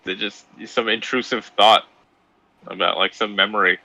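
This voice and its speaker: A man in a casual chat, giving brief relaxed replies and laughing easily. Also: on the low side, moderate pace, dry recording, dull audio.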